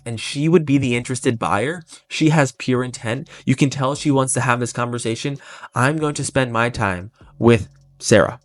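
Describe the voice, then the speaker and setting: Brief: male sales trainer, mid-pitched, blunt and intense delivery, dry close sound. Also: dry recording. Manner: blunt, intense, fast bursts. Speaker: life insurance sales trainer. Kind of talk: motivational sales coaching talk.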